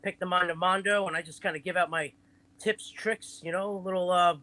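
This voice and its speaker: New york guy on a video call, high bright voice, hypes himself up like a salesman. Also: fairly quick, poor audio. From Long Island, New York. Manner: animated, self-promoting, salesman-like pitches. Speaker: guest, pro wrestling trainer. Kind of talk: casual live show chat.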